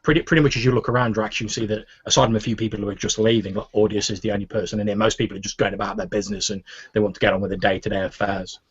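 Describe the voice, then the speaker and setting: A man's voice: fairly low pitch, fairly even intonation, very fast, slightly rough, highs cut off. A man narrating a tabletop game as game master, describing scenes with frequent restarts.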